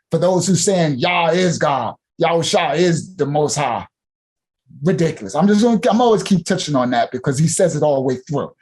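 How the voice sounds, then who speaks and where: A man preaching an emphatic sermon in casual vernacular speech, repeating and hammering his points and rising now and then to shouts. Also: high voice, animated, normal speed, husky.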